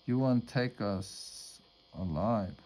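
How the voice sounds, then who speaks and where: A man reading a storybook, voicing a big, gentle father on the run who protects his family. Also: on the low side, takes it slowly, low-quality recording. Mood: threatening.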